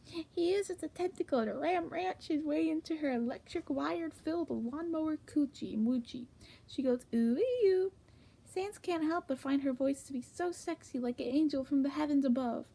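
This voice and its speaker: A woman reads comedic fanfic aloud in a hushed, half-whispered voice. Her voice is high but gravelly, with a dark, mellow tone. She jumps suddenly in pitch between stretches of low murmuring. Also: moderate pace. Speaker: fanfic reader.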